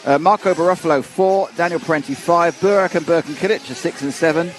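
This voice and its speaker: A man's voice: a little high, fast. A man commentating live on a model car race, chatty and jokey, thinking aloud as he goes.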